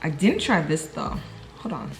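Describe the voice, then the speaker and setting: A young woman from New York with a New York accent, chatting casually to her viewers at home in a slangy, talkative way. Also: on the low side. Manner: chatty, slangy, talks straight to viewers as "y'all". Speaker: vlogger. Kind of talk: casual chat to camera.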